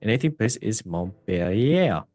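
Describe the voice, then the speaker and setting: A man's voice: fairly low pitch, very animated, a little slow, a little mellow, no room sound, studio quality. A man hosting a casual football podcast who reads results in an upbeat, breezy way and often falls back on stock phrases. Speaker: host.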